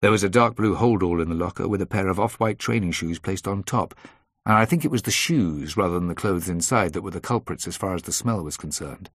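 A man reading a first-person thriller aloud in a measured, dry storytelling manner. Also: sits low, dry recording. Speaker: audiobook narrator.

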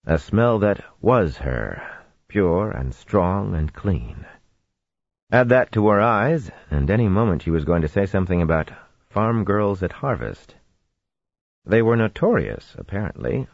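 Very deep, husky male narrator. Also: no echo, dull audio. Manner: steady storytelling with expressive swings. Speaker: audiobook narrator. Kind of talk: fantasy audiobook narration.

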